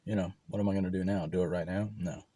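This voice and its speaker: A man with a lowish voice chats and rambles over lunch, cursing freely. He talks straight to the camera, picked up by the camera mic and not a clip-on. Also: fairly even intonation, quick pace, dark tone. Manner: rambling, profane, swears often. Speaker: vlogger. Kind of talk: casual chat while eating lunch.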